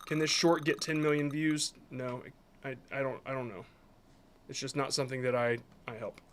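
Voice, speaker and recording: A man's voice: mid-range voice, fairly even intonation, moderate pace, slight background noise. A man hosting a live stream, reviewing viewers' short videos in casual commentary that is hesitant and apologetic, with many restarts.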